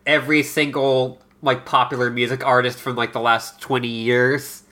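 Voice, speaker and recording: A man's voice: medium pitch, level tone, moderate pace, heavy background noise. A man co-hosting a casual podcast, rambling with lots of "like" and false starts. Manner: rambling, full of "like" and restarts. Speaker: podcast co-host. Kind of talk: casual chat.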